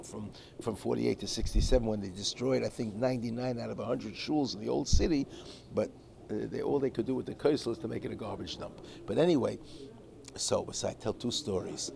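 A Torah teacher with a medium-pitched, slightly mellow voice speaks briskly while leading an informal religious class. He tells stories digressively, restarting often and peppering his speech with Hebrew and Yiddish terms, and background noise is clearly audible.

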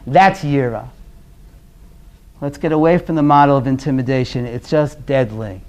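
A man from Brooklyn, New York, giving a conversational class on parenting. He is earnest and often drops to a quiet, low voice as he tells stories. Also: normal speed. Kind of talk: conversational lecture with storytelling.

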